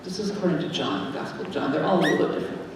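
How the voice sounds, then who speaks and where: A woman minister telling a simple story to children during a church service, in a gentle, plain way. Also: low-pitched, rapid-fire, noisy background. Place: large church sanctuary. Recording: echoey sanctuary from far off.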